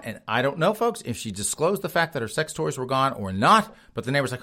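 Animated joking man reading odd news. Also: a little high, quick pace, hardly any pauses. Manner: animated, joking, keeps addressing the audience. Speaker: comedic news show host. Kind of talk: comedic news commentary.

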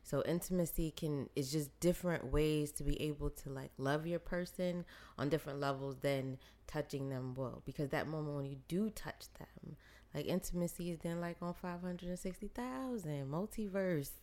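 A woman's voice: low voice, moderate pace, a little mellow. A woman co-hosting a podcast in casual chat, thoughtful, with many fillers and easy laughter. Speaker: podcast co-host.

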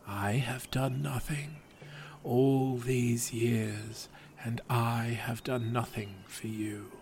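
A man voicing a humble, sorrowful god of small things, speaking quietly and mournfully. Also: medium pitch, steady tone, slow pace, slight background noise. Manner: quiet, shivering, mournful speech.

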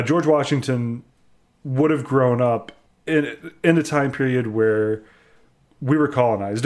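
A man's voice: medium pitch, a little mellow. A young man co-hosting a casual chat, giving an opinionated game review and explaining at length. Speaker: co-host reviewing a video game.

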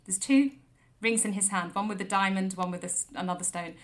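A woman's voice: medium pitch, fairly even intonation, brisk. A woman co-hosting a comedy podcast, telling a rambling anecdote with lots of voiced quotes. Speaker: podcast co-host. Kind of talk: comic storytelling chat.

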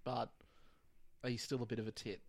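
A man's voice: mid-range voice, flat delivery, moderate pace, creaky, darkish tone. An Australian man co-hosting a podcast, chatting casually in a blunt, joking way and swearing freely. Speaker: podcast co-host. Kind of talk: casual chat.

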